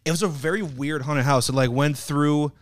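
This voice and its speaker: A man telling rambling stories on a podcast, laughing and swearing as he goes. His voice sits a little high. The sound is dry and close, with no room around it. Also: steady tone, moderate pace, dry recording. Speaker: podcast co-host. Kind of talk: casual chat.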